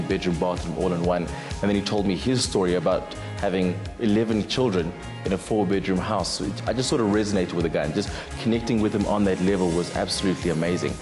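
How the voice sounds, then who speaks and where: Deep-voiced South African presenter, quick talker. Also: male voice. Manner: lively storyteller, animated asides. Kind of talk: anecdotal interview recollection.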